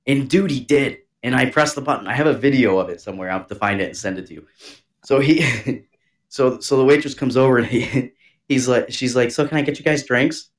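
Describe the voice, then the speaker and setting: A man's voice: medium pitch, a little fast. A man co-hosting a podcast in casual chat, telling a prank story and laughing often. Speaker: podcast co-host.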